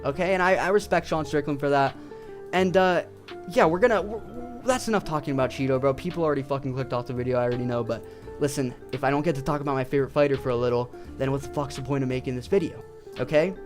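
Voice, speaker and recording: A man's voice: medium pitch, quick pace, music in the background. A young man ranting casually about his favorite fighters, swearing constantly and rambling. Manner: profane, rambling, excitable. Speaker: video creator.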